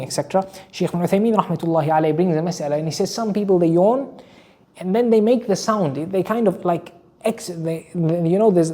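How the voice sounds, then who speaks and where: A man's voice: fairly high pitch, dark tone. A man giving a religious lesson, explaining rulings and often repeating his key phrases, with Arabic terms mixed in. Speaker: Islamic teacher.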